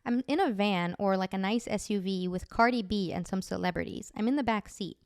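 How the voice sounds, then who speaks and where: A woman's voice: medium pitch, brisk, no echo, studio quality. A woman podcast host chattily telling dream stories, full of "like" fillers. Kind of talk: casual storytelling.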